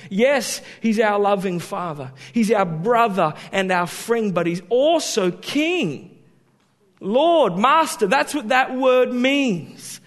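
A man preaching a sermon as a pastor, talking in an animated way that swings from loud emphasis to quiet asides. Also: high voice, takes it slowly, in a large hall.

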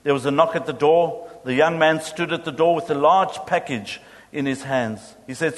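A male pastor telling a story in a sermon and leading a prayer, slow and solemn. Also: on the high side. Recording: echoey hall.

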